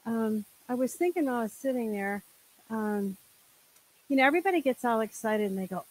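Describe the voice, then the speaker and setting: A woman's voice: a little high, lively intonation, a little fast, poor audio. An older woman at a group meeting, speaking candidly and with humor, tossing in exasperated asides while she shares a personal story into a handheld microphone. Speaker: group member sharing.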